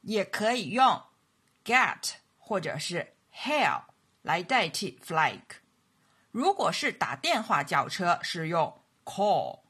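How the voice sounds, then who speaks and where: A woman with a Mandarin Chinese accent teaching an English lesson, saying each model sentence slowly and repeating it for learners. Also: fairly low pitch, big pitch swings, a bit bright, husky. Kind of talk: language lesson narration.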